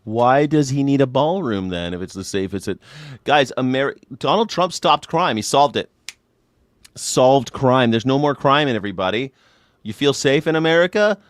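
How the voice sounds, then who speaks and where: A man's voice: medium pitch, expressive, normal speed, dry recording. Sarcastic, profane man ranting live. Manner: sarcastic, profane, mocking voices. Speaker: live show host. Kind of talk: comedic political rant with chat callouts.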